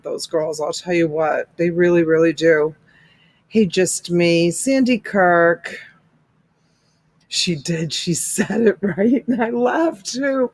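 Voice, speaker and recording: A woman's voice: lowish voice, dry recording. Giggly chatty woman on a dry mic. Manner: chatty, giggly, greets viewers by name. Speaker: livestream host greeting viewers. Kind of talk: casual live-stream chat.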